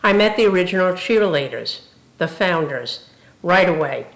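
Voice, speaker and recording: With a fairly low, creaky, expressive voice at a moderate pace, a retired university president, an older woman, shares amusing anecdotes in a tribute speech. Her manner is warm and funny, captured with roomy echo.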